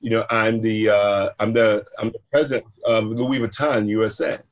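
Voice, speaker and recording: A man's voice: on the low side, fairly even intonation, normal speed, lightly acted. A man briefly raising his voice to quote a friendly woman executive while telling a story.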